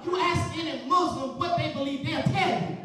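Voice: high voice, moderate pace, over music. A preacher, delivering a rhythmic call-and-response sermon, firing questions at the congregation and repeating phrases. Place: large church sanctuary. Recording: echoey church, picked up from far off, congregation audible.

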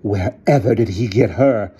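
A man reading aloud and voicing a shocked young woman with a thin voice, speaking slowly and scandalized. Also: lowish voice, dark tone, breathy edge, lo-fi sound.

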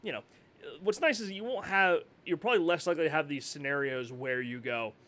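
A man co-hosting a casual tabletop gaming podcast, playful and excitable, reading out game rules. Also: on the high side, brisk. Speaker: podcast co-host.

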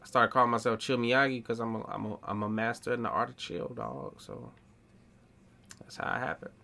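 Bright-voiced young male gaming streamer. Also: medium pitch, fairly even intonation, fairly quick, creaky. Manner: slangy, talks back to game characters. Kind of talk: casual gaming commentary.

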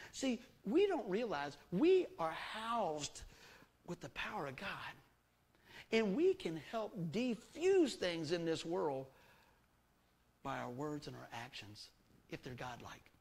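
High-voiced folksy preaching pastor. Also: male voice, sing-song, slow pace, creaky, darkish tone, slightly rough. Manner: folksy, emphatic preaching with rhetorical questions. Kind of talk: sermon.

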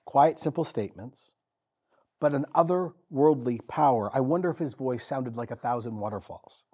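A man preaching a sermon as pastor, telling the story with dramatic pauses and repetition. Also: medium pitch, dark tone, breathy edge. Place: church.

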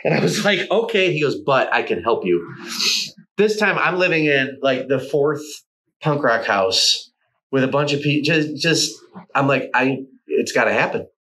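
A middle-aged man in a relaxed interview, spinning long personal stories with lots of laughter and the odd curse word. His pitch jumps around as he acts out the people in his tales. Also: normal speed, rough recording. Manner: animated, swearing, laughing often while telling anecdotes. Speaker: guest artist. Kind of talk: casual storytelling interview.

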